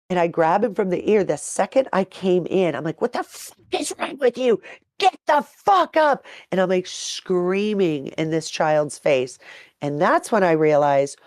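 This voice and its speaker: Low-voiced woman telling animated stories. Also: no echo, studio quality. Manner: animated, profane, acts out quotes. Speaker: podcast co-host. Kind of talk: casual storytelling chat.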